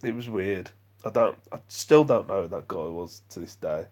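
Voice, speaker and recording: A man's voice: low-pitched, animated, normal speed, darkish tone. A man chatting on a live vlog stream, rambling and self-deprecating as he reads out viewer comments. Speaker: vlogger.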